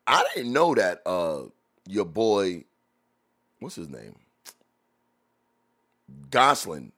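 A man hosting a podcast, reacting to old videos in blunt, profane casual chat, laughing loudly as he jokes, into a studio mic. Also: low voice, very animated, very slow. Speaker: podcast host.

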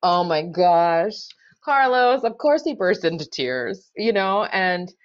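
A woman's voice: fairly low pitch, big pitch swings, slow pace, highs cut off. A woman public defender speaking casually and candidly in a podcast interview, with many fillers.

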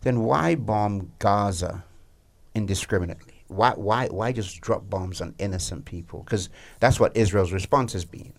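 Male radio co-host, deep creaky voice, opinionated, hesitant starts, studio chat. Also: normal speed. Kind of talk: casual studio discussion.

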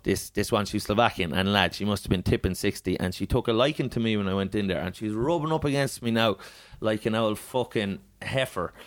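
A man's voice: on the low side, fairly quick, few pauses. Rambling, cursing Irish man telling stories. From Ireland. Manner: rambling storyteller, swears freely, laughs often. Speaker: comedian guest. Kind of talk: casual podcast chat.

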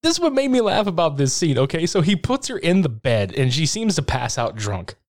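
A man's voice: on the high side, big pitch swings, darkish tone. Laughing, profane man recapping a film. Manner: profane, laughing, acts out scenes in quick impressions. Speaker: podcast co-host recapping a film. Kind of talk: casual chat.

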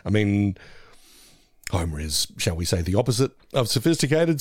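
A man's voice: fairly low pitch, a little mellow, no echo, clean studio sound. A middle-aged man co-hosting a podcast, chatting casually about an episode and laughing often. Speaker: podcast co-host. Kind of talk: casual chat reviewing an episode.

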